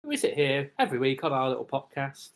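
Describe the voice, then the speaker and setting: A man's voice: medium pitch, very animated, fast. A man who is a regular on an improv podcast, improvising playful explanations in casual chat.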